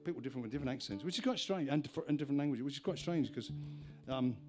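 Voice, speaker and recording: A man's voice: mid-range voice, lively intonation, racing, over music. A man on stage at a live gig, talking between songs in a chatty, meandering way that keeps restarting its own sentences. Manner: chatty, meandering, self-interrupting. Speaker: folk singer-songwriter performing live. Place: live music venue on stage. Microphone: stage vocal mic with monitor.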